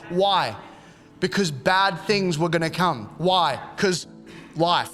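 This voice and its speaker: Pastor preaching a casual, jokey sermon. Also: male voice, high-pitched, fairly bright tone. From Australia. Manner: conversational and jokey, acts out quick quoted exchanges.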